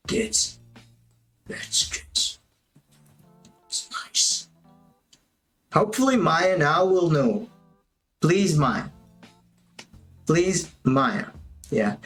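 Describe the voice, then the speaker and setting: A man's voice: a little high, fairly bright tone. A man teaching animation on a livestream, chatting casually and talking to himself as he works. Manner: casual, chatty, talks to himself while working. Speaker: animation instructor. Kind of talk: livestream tutorial commentary.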